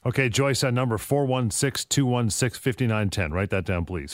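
A man hosting a call-in radio show, taking callers in a brisk, friendly way. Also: mid-range voice, dry recording, clean studio sound. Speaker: host.

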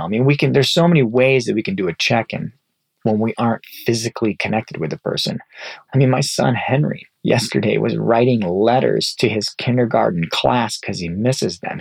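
A pastor in his thirties speaks in an earnest, encouraging teaching tone. His voice is gravelly and slightly husky, sitting at an average pitch, and the recording is dry and close. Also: no echo, poor audio. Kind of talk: ministry teaching talk.

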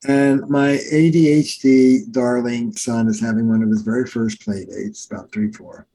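A man's voice: mid-range voice, moderate pace, low-quality recording. A middle-aged man from New Jersey, a therapist telling stories in a conversational interview. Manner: animated storyteller, acts out quotes. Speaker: therapist and author.

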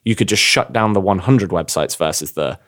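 Brief: young English man, low voice, casual podcast co-host, rambling storyteller. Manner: rambling, animated storytelling with quick asides.

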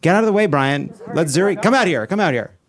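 A man's voice: a little high, lively intonation, fast, a little hiss or hum. A man hosting a live show, roasting a departing colleague in a playful, teasing manner. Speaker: host. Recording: live stage with bagpipe music and crowd.

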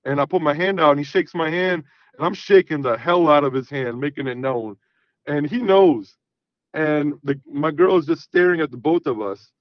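A man's voice: fairly high pitch, moderate pace, no room sound. Guy in his 30s calling in, swears a lot, acts out all the quotes, muffled lo-fi sound. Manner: animated, profane, acts out quoted dialogue. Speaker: caller. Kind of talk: casual storytelling on a call-in show.

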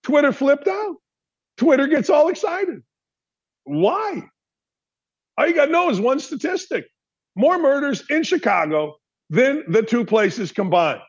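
A man's voice: very high voice, very animated, a little slow, pauses often, highs cut off. A man hosting a sports talk show, delivering a heated, opinionated monologue full of rhetorical questions. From Gary, Indiana area.

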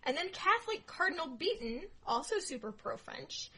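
A woman co-hosting a casual history podcast, telling the story playfully with jokes and loud asides. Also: high-pitched, sing-song, normal speed, poor audio. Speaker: podcast co-host.

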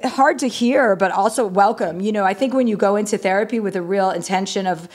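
A woman speaks as an interview guest, frank and self-mocking, her voice sitting at an ordinary middle pitch. She rambles loosely, leaning on "like" and "you know" as she opens up. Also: brisk, a little mellow, breathy edge. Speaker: guest, comedian. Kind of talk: candid interview talk.

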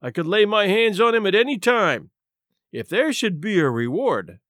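A man voicing a shabby, down-and-out gentleman who speaks quietly and wryly, with sighs, in a storybook reading. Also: high-pitched, very animated, normal speed, dry recording, studio quality. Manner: quiet, sighing, wry.

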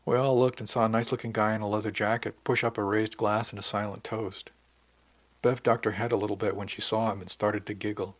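A man's voice: on the low side, level tone, fairly quick. A man narrating a novel in the first person with a dry, wry storytelling manner. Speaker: audiobook narrator.

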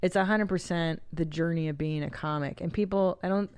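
A woman's voice: on the low side, a little fast, darkish tone, clear, resonant tone. A woman in her forties hosting a podcast, blunt and swearing freely as she rants. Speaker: podcast host. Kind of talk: casual podcast chat.

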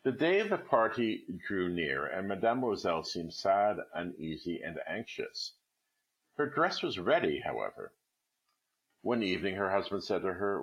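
A man reading a classic short story aloud with expressive literary narration. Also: low-pitched, a little slow, poor audio.

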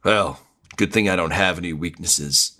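A man voicing a cool, sarcastic woman character in a tabletop game, speaking slowly and dryly. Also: sits low, sharp tone, voice pushed down. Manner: dry, slow, sarcastic. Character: cool, sardonic woman warrior, drawling.

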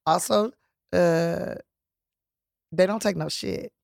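A woman's voice: on the low side, gravelly, darkish tone, no room sound, clean studio sound. A woman comedian chatting as a podcast guest, playful and blunt, joking easily. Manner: playful, quick jokes, blunt. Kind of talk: casual chat.

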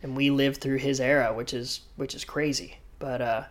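A man, a professional surfer, telling animated stories full of surf slang as a podcast guest. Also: medium pitch, moderate pace. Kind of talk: podcast interview storytelling.

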